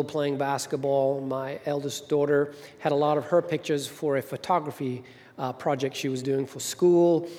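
Telling stories from the pulpit, a middle-aged senior minister takes on the voices of the characters in his anecdotes. His voice is a little high and a little mellow, and the church hall adds a long reverb.

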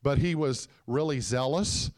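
A man giving a sermon as a guest preacher, telling a story and calling out to the congregation, moving between loud shouts and hushed quiet. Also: medium pitch, measured pace. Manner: calls out to the congregation.

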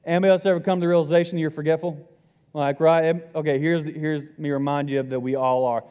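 A man's voice: fairly high pitch, fairly even intonation, fast talker, dark tone, smooth, long reverb tail. A man in his twenties preaching a sermon to his congregation in a casual, joking way. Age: 20s. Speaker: pastor.

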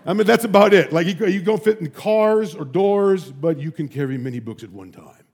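A man preaching a sermon in an animated storytelling way, full of asides to the congregation. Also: high voice, normal speed, vocal fry, hardly any pauses. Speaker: pastor.

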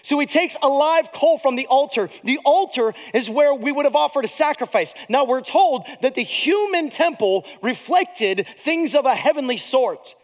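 A man preaching a sermon as pastor, passionate, moving between hushed reflection and excited exclaiming. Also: very high-pitched, moderate pace, hardly any pauses. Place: church stage.

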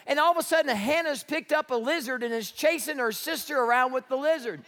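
High-voiced pastor in echoing hall. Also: male voice, fairly quick. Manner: storytelling, animated, shouts in retellings. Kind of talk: sermon. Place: church sanctuary. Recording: echoey church hall.

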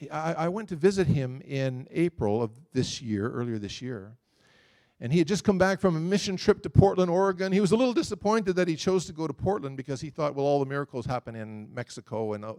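A middle-aged man preaching a sermon, telling a story in a lively way and voicing the people in it. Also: a little high. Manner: storytelling, animated, quotes others.

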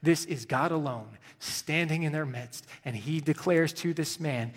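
Pastor preaching in an echoing sanctuary. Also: male voice, on the high side, unhurried, hardly any pauses, husky. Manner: dramatic storytelling, swings between hushed and loud. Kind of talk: sermon. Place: church sanctuary.

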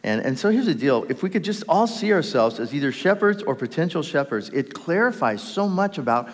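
A middle-aged man preaching a sermon, animated, acting out quoted voices and speaking straight to the congregation. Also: fairly high pitch, brisk. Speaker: pastor. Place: large church hall with reverb. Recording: live sermon in reverberant hall.

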